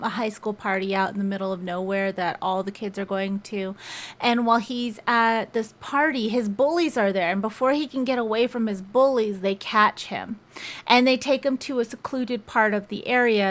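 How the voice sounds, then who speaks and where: A woman's voice: a little high, fairly bright tone. A young woman chatting casually as a book reviewer, stringing her retelling of a story together with lots of "and" and "like".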